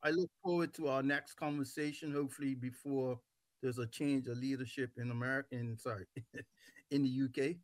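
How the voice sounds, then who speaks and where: Male talk host from Bermuda; measured, emphatic delivery; dry, close mic. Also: medium pitch, fairly even intonation, no echo. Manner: deliberate, emphatic, stretches words for stress. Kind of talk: casual talk show conversation.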